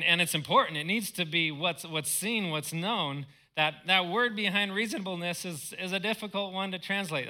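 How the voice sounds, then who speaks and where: Bright-voiced man preaching a sermon. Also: on the high side. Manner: earnest, repeats words when emphasizing. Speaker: pastor.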